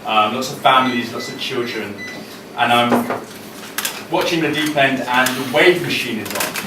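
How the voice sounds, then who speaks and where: At a live event, a British poet chats with the audience in a self-deprecating way, then switches to declaiming his poems with a rhythmic delivery. His voice is medium-pitched at normal speed, picked up by a distant mic in a noisy, echoey room.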